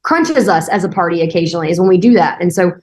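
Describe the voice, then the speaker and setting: A woman's voice: lowish voice, animated, quick pace, a little mellow. A young woman being interviewed as a state party chair, speaking earnestly with frequent fillers and restarts. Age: young adult. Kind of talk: political interview.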